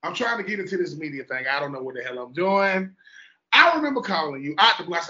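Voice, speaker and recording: A man's voice: high voice, sing-song, quick pace, pushed and bright. A middle-aged man hosting a podcast interview, talking loosely and jokingly and acting out the people he quotes. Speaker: podcast host. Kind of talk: casual interview chat. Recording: dull lo-fi sound.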